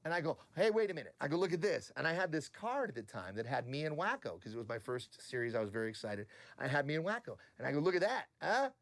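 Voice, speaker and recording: A fairly high-voiced man tells a story and swings his pitch widely as he acts out each part. The room is dry and close. He is a voice actor speaking in an interview. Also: big pitch swings, fast talker, few pauses, dry recording. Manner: acts out both sides of a story in quoted voices. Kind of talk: animated anecdote in an interview.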